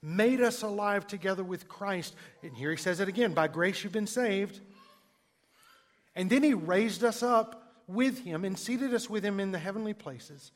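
A man preaching a sermon, emphatic, moving between hushed and loud passages. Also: sits high, moderate pace. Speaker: pastor. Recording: long hall reverb.

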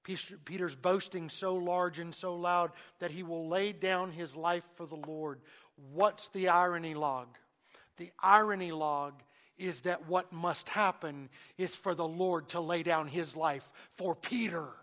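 A man preaching a sermon, swinging between loud emphasis and hushed asides, and acting out the quoted speech of Jesus and Peter. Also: fairly high pitch, steady tone, measured pace.

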